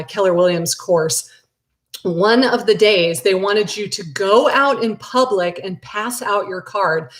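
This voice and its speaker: Chatty, animated middle-aged woman. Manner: chatty and animated, with big excited jumps in pitch. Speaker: real estate agent teaching a class. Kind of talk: casual live class, answering viewer questions.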